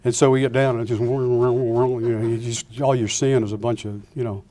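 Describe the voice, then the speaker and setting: An older man, a retired Air Force pilot, giving a lecture full of anecdotes and acting out the dialogue with lively restarts. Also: mid-range voice, normal speed. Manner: animated storyteller acting out dialogue, frequent restarts.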